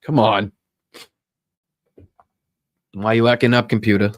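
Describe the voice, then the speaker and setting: Low-voiced profane Boston political host. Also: male voice, little pitch movement, unhurried, no echo. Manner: profane, sarcastic, laughs at the news; reads news aloud with stumbles and asides. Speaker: political talk show host. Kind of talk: live-stream political commentary.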